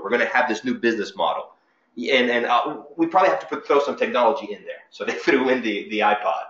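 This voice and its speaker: A man's voice: medium pitch, fast talker. A middle-aged male physician giving an informal talk to trainees, telling stories conversationally and acting out the people he quotes. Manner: conversational storytelling with lively quoted voices. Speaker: physician speaker at a training seminar. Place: lecture room. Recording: roomy, slightly muffled lecture recording.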